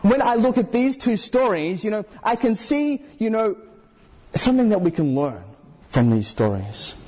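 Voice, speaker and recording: High-voiced husky man preaching. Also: big pitch swings, moderate pace, darkish tone. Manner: conversational, many "you know" fillers, asks the congregation questions. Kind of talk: sermon.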